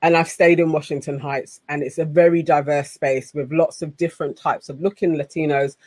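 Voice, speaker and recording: A podcast co-host speaking earnestly in casual chat, rushing at times. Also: mid-range voice, fairly even intonation, a little mellow, no room sound.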